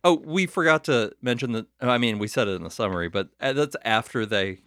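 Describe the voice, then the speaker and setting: Man from Texas, lively podcast chat. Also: medium pitch, fairly quick, no echo, clean studio sound. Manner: laughing, profane, slips into quoted voices. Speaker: podcast co-host. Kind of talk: casual chat.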